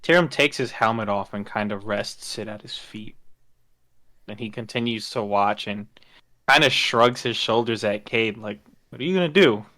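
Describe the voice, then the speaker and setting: A man's voice: lowish voice, steady tone, normal speed, sharp tone, no room sound. A man playing in a tabletop game, describing his character's actions in a laid-back, amused way. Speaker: player.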